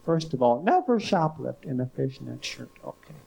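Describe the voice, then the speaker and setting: A man doing a stand-up comedy set in a club, with an odd sing-song delivery that leaps around, little giggles and a slow, halting, childlike way of telling stories. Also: medium pitch, sing-song, gravelly. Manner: slow, halting, wide-eyed childlike storytelling. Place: comedy club stage with audience laughter. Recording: faint hiss on a 1980s club tape.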